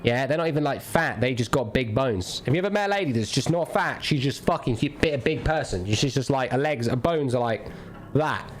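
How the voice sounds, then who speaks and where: A man's voice: mid-range voice, animated, brisk, faint music behind. A man streaming a game, ranting crudely and jokingly in a rambling, casual chat. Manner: rambling, crude, jokey rants.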